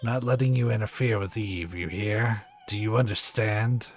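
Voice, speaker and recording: A man's voice: on the low side, normal speed, lightly acted. A man reading aloud the lines of a sneering, gloating mad-scientist villain from a video game, repeating his words with cackling contempt.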